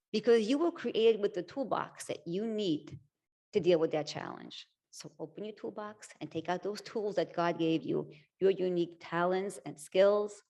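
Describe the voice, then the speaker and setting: A woman judge giving an inspirational speech from a podium, telling stories in an emphatic, animated way. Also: mid-range voice. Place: symposium stage at a podium.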